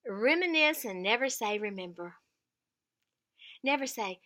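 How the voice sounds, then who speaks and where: A woman's voice: medium pitch, expressive, a little slow, fairly bright tone. A middle-aged woman, giving earnest caregiving tips in a casual vlog and repeating words for emphasis.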